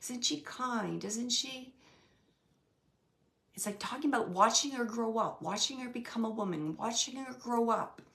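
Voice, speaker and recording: Bright-voiced, rambling woman medium. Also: a little high, gravelly. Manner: rambling and halting, full of fillers, laughs often. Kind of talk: spirit reading session.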